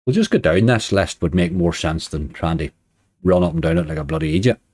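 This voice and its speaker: Low, mellow-voiced man chatting on stream. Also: expressive, a little fast, husky. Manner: chatty, reads viewer comments aloud, laughs often. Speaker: slot streamer. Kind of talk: casual live-stream chat.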